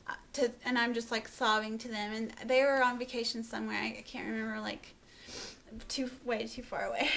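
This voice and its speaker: A tearful young woman vlogs from home, rambling through an emotional personal story, saying "like" a lot and laughing while she cries. She speaks with a fairly high pitch and a sharp tone.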